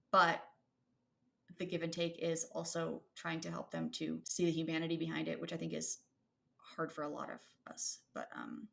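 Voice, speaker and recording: Woman, thirties, podcast co-host, casual chat, low pitch, gravelly fry, rambling. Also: fairly bright tone. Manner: rambling, thoughtful, many fillers and restarts.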